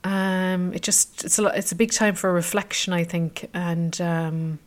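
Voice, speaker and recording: A chatty woman of about thirty tells a relaxed travel story, wandering off on tangents and filling gaps with ums. Her voice sits a little low for a woman. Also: unhurried. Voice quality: chatty, rambling with many fillers. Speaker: travel vlogger. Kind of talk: casual travel chat.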